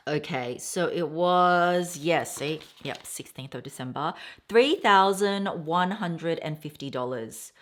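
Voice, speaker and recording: A woman in her thirties talks casually to her viewers, rambling from one thought to the next. Her voice sits slightly low, and she tells stories with plenty of asides. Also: slow, slight background noise. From Australia. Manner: chatty, rambling, storytelling with quoted voices. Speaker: vlogger. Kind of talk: casual haul chat.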